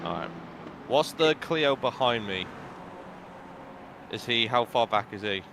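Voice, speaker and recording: A man's voice: mid-range voice, a little slow, background noise. A man chatting with his teammates while driving in a sim race, a little anxious about his lap times. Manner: animated, slightly anxious about his pace. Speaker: sim racing driver. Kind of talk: casual voice chat while driving.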